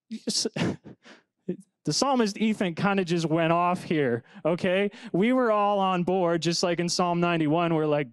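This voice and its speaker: A young man preaching a sermon with a fairly high, smooth and clear voice. He talks to the congregation casually and reads scripture with dramatic flair. The sound is dry and close. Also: a little slow, dry recording. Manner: animated, conversational preaching with dramatic scripture reading. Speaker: pastor.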